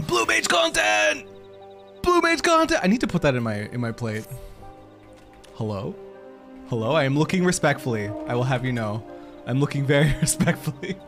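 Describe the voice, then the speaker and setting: Young male streamer, jokey and animated, light faint music under him. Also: medium pitch, brisk, pauses often. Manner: playful, joking, easily excited. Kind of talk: casual gameplay commentary.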